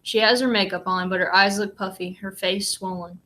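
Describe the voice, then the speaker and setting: A woman's voice: mid-range voice, fairly even intonation, normal speed, bright, forceful tone. A woman reading chapters of a novel aloud, with brief plain asides between them. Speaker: reader and commentator.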